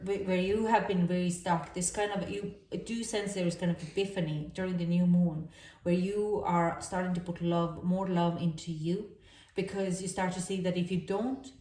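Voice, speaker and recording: Halting, emotional woman reading tarot, echoey room. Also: fairly low pitch, warm tone, recorded from a distance. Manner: halting, emotional, many fillers and restarts. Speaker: tarot reader. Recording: echoey room, voice a little off-mic.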